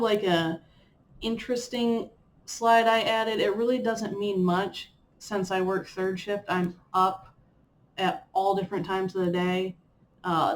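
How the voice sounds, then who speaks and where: A young woman chats casually in a vlog, rambling with fillers and poking fun at herself. Her voice sits at an ordinary middle pitch. A faint hiss runs underneath the recording. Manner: chatty, rambling with fillers and playful self-mockery. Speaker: vlogger. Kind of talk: casual chat reviewing a personal year.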